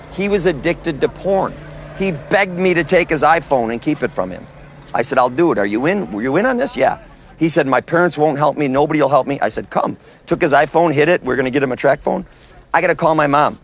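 A man's voice: fairly high pitch, slight background noise. Emphatic man preaching outdoors. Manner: storytelling, emphatic, quotes others in dialogue. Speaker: street preacher. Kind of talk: open-air preaching.

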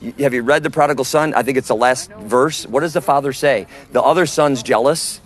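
A man preaching on the street outdoors, emphatic and forceful, quizzing his listeners with questions as he talks. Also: medium pitch, animated, fairly quick.

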